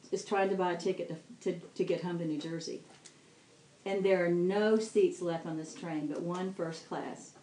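A middle-aged woman preaching to women, telling a story with lively acted-out dialogue. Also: fairly low pitch, reverberant, rough recording. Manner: animated storytelling with quoted dialogue. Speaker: women's ministry speaker.

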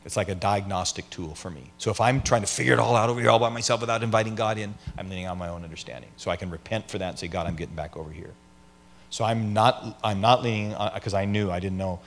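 A man's voice: lowish voice, fast talker, slight background noise. A man, a pastor, answering an audience question by telling a story in a conversational way, acting out the people he quotes. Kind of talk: teaching session with audience questions.

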